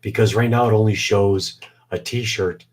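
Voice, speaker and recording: Unhurried and fairly even, the lowish voice of a man in his forties comes from his home basement shop during a casual live stream. He sounds weak and short of breath, rambling and filling gaps with fillers.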